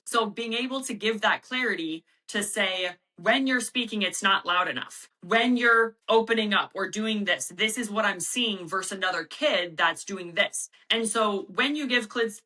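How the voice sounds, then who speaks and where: A middle-aged woman speaks as a coaching guest in a relaxed interview. Her voice is bright and clear, and she talks in an animated way, slipping quoted players and coaches into her own voice. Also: medium pitch, rough recording. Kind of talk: casual interview talk.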